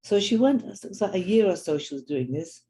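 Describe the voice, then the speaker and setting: This older woman, raised in London and speaking London English, has a mid-range voice that's animated, brisk, and mellow, though the audio is poor. She teaches and speaks to Jewish women, telling personal stories earnestly and acting out the people she quotes.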